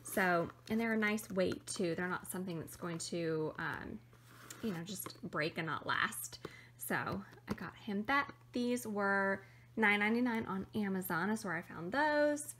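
A woman's voice: medium pitch, animated, measured pace, fairly bright tone, slight background noise. A chatty young woman talks to her camera in a casual show-and-tell vlog. Her delivery is upbeat and friendly, dotted with ums as she goes. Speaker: vlogger.

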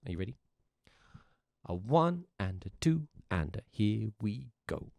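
A man's voice: lowish voice, sing-song, a little slow, vocal fry, noisy background. A man teaching a music lesson on a livestream, playful and encouraging as he talks with viewers in chat. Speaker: music teacher streaming live.

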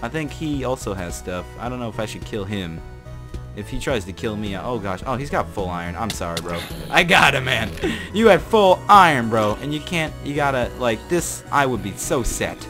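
A young man narrating his own gameplay, chatty and excitable, jumping from mumbles to panicked shouts. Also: medium pitch, normal speed, soft background music. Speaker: gaming channel host. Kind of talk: gameplay commentary.

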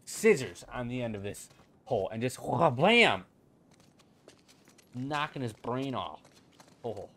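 A man's voice: medium pitch, animated, normal speed. A young man giving casual gameplay commentary as a channel host, goofy and rambling, swearing freely and joking to himself.

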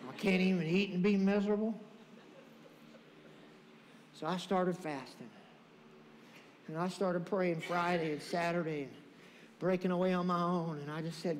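A man preaching a sermon as pastor, impassioned and building to shouts, in a church sanctuary. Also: sits high, moderate pace, pauses often, a little hiss or hum. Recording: long hall reverb.

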